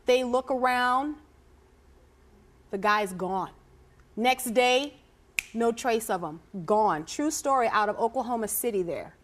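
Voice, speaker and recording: A woman co-hosting a casual chat about news headlines, animated and laughing often. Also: on the high side, takes it slowly, pauses often. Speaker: co-host.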